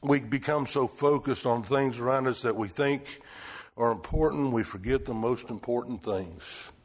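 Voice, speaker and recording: A man preaching a folksy sermon, swinging from loud bursts down to hushed lines. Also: medium pitch, moderate pace. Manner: animated, swings from shouting to near-whisper, folksy.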